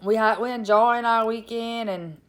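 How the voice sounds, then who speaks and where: A woman with a Cajun Louisiana accent spins a comic tale, talking to her listeners as "y'all". Her voice sits a little high and she tells it with lively, casual energy. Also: unhurried. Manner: animated, addresses listeners as "y'all". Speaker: storyteller.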